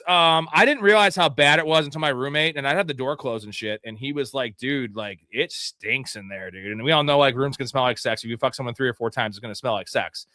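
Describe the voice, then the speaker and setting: A man's voice: mid-range voice, fast talker, hardly any pauses, sharp tone, no echo, studio quality. A young man co-hosting a live sports stream, telling crude stories in a rambling way with lots of fillers. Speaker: co-host. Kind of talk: casual live-stream chat.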